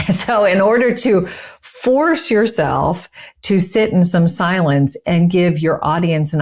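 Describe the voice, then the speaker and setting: A woman's voice: on the low side, darkish tone. A middle-aged woman giving conversational teaching tips, stressing key words as she explains. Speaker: communication coach. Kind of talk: instructional tips to camera.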